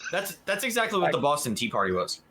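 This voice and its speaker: A man's voice: fairly high pitch, wildly swooping pitch, quick pace, heavy background noise. A man adding dry, wry quips to casual banter. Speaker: co-commentator. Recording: echoey room with loud game music.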